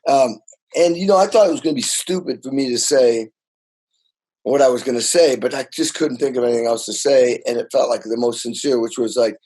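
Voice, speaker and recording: A man's voice: mid-range voice, fairly quick, darkish tone, poor audio. An older man, a drummer, telling stories in an interview with energy and enthusiasm, often restarting and repeating words. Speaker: guest drummer. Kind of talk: animated storytelling in casual interview.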